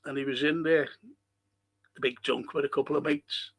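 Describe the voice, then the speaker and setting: A man's voice: mid-range voice, fairly even intonation, moderate pace, fairly bright tone, slightly rough. A man hosting a casual live podcast, reading out comments and telling rambling stories with plenty of swearing. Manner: rambling storyteller, swears freely. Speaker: podcast host.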